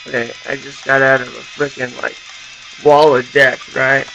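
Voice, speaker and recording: A man's voice: mid-range voice, little pitch movement, moderate pace, gravelly, muffled recording, music in the background. A young man from Southern California, a vlogger rambling and swearing in a casual rant to his camera. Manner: profane, rambling, full of fillers. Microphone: camera mic.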